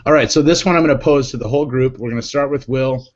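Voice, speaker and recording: Upbeat male host for a loose group chat, playful, average pitch, muffled lo-fi call sound. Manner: upbeat, playful, quick to laugh. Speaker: show host.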